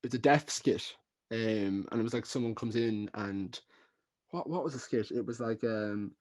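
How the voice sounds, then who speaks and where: A man's voice: on the low side, moderate pace, darkish tone. An Irish man who is a podcast guest, talking casually and rambling with frequent restarts. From Ireland. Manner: rambling, lots of restarts and fillers. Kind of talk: casual chat.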